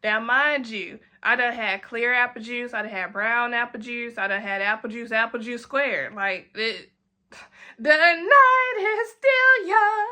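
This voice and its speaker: Young woman, high and bright, animated storytime vlogger. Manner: animated, acts out friends' lines in quick quoted voices. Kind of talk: storytime vlog.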